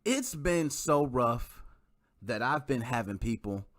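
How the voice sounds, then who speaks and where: A man hosting a casual livestream, animated and talking straight to his viewers while he greets the chat. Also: mid-range voice, slow. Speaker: livestream host.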